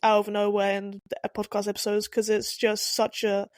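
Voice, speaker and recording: A woman's voice: mid-range voice, monotone, moderate pace, darkish tone, no echo, clean studio sound. A woman co-hosting a podcast, giving blunt, opinionated film reviews in casual chat with hesitant restarts. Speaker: podcast co-host.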